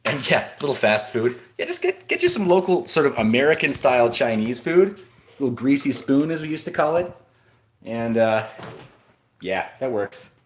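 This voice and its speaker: A man's voice: medium pitch, lively intonation, normal speed, a little hiss or hum. Rambling man chatting on a livestream. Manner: rambling, with frequent restarts and asides. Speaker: livestream host. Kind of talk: casual livestream chat, reading viewer comments.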